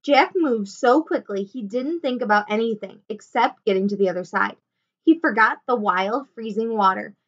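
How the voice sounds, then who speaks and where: A woman teacher reading a children's chapter book aloud at home, with expressive delivery. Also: fairly high pitch, moderate pace, muffled recording. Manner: expressive, animated. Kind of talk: storybook read-aloud.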